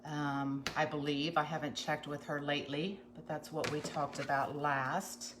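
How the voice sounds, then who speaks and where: This American host of a live craft tutorial has a low voice, fairly even intonation, and a slightly slow pace, with background noise behind her. She chats in a folksy way with viewers while she works.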